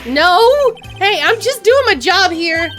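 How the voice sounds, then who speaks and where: A woman's voice: very high-pitched, lively intonation, takes it slowly, a bit bright, faint music behind, voice pushed up, full character voice. A woman voicing a young male defense lawyer, earnest and easily flustered, stumbling over his words.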